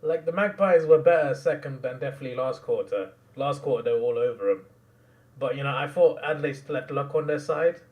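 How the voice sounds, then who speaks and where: A young man reacting live to a football match, excitable and quick to laugh, sometimes trailing off into mumbles. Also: mid-range voice, far from the mic.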